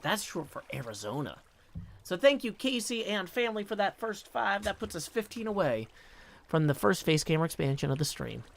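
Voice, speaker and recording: A man's voice: high-pitched, sing-song, a little fast, vocal fry. A man live-streaming a game, reading chat messages aloud and answering them in a wry, self-deprecating way.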